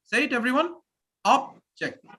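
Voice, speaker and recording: A woman teaching English pronunciation in a live online class over a video call, drilling students and repeating words slowly with clear stress. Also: high-pitched, lively intonation, fairly bright tone, slight background noise.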